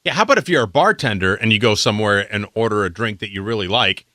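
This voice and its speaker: Brief: male radio co-host, bright tense tone, jokey and teasing, dry booth sound. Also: lowish voice, animated, dry recording. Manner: joking, teasing, quick quips. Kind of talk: casual radio banter.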